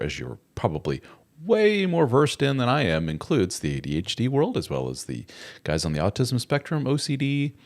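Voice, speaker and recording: A man's voice: sits low, a little mellow. A middle-aged man hosting a casual live-stream chat, jokey and chatty as he greets viewers and reads their comments aloud. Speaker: host of a live chat show.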